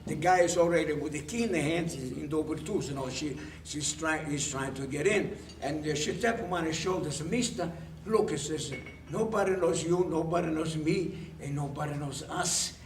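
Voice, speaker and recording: A man's voice: on the high side, normal speed. A man telling a stand-up joke, acting out both people in it with changing voices and chuckles. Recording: roomy, distant, faint noise.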